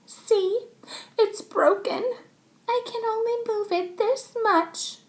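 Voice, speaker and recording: A woman voicing a dramatic, whiny young schoolgirl in a storybook reading, shrill and melodramatic. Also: slow pace, exaggerated voice.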